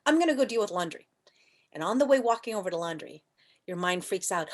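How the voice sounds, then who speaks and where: A woman teaching a yoga class online, chatty and playful, asking rhetorical questions and at times softly chanting. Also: lowish voice, expressive, fast. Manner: soft chanting and whispering at times.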